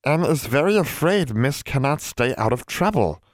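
An old female house elf, anxious and devoted, talks in a slow, odd, raised voice about herself in the third person, as a male storybook narrator puts her on. The sound is dry and close. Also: medium pitch, sing-song, no echo, pitched above the performer's own voice, natural voice. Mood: fretful.

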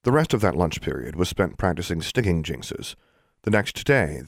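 Male audiobook narrator, lowish voice with a lively lilt, dry close recording. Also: no room sound. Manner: expressive storytelling. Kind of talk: scripted narration.

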